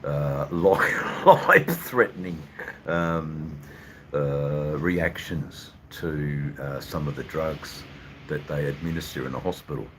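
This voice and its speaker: Australian man, very low bass voice, live-stream host, casual rambling chat, lots of fillers. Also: slow pace, a little hiss or hum. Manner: rambling, hesitant, full of fillers. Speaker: livestream host.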